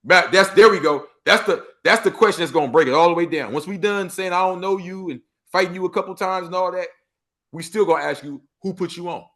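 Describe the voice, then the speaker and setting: A man from Los Angeles with a Los Angeles accent, a podcast guest talking in an animated way, acting out quoted street talk with heavy slang. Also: high voice, fast. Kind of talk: casual storytelling interview.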